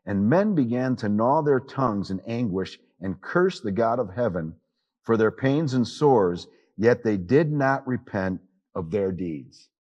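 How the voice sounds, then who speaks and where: A man's voice: lowish voice, expressive, a little slow, muffled recording. A middle-aged man, an assistant pastor, preaching a sermon in a folksy, conversational storytelling way with chuckles. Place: church.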